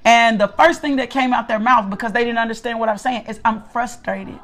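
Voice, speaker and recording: A middle-aged woman preaching in a relaxed, conversational way, with a voice pitched a little high. She repeats her points for emphasis and keeps asking the listeners to answer her. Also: fast. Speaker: Bible study teacher. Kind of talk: conversational sermon.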